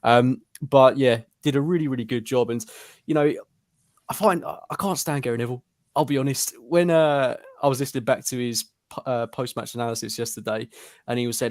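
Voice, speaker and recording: A man's voice: medium pitch, fairly even intonation, fairly quick, darkish tone, no echo. Cohost, man, opinionated and fed up, dry close mic. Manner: exasperated, opinionated. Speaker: podcast co-host. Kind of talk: casual football chat.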